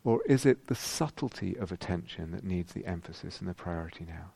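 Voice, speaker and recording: Male meditation teacher, middle-aged, deep fry-edged voice, dry close sound, reflective dharma-talk delivery. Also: lively intonation, fairly quick, dark tone, dry recording. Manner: reflective, searching, frequent ums and rhetorical questions.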